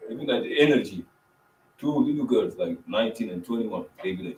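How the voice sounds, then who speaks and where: Really deep guy, english not his first language, talks earnest and halting, roomy and far from the mic. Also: expressive, a little mellow. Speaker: participant. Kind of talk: personal sharing in a group. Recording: roomy, off-mic, faint background noise.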